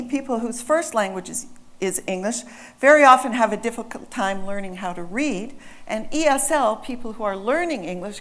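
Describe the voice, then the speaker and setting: A middle-aged woman from North America gives a live talk to an audience, her voice sitting a little high. She speaks with lively emphasis and talks straight to the people in front of her. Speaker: speaker giving a talk on English.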